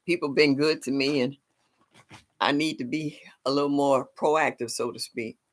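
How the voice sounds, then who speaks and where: An older woman, hosting a casual live stream and chatting with her viewers. She laughs often, and her voice leaps high whenever she greets someone. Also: steady tone, moderate pace. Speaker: livestream host.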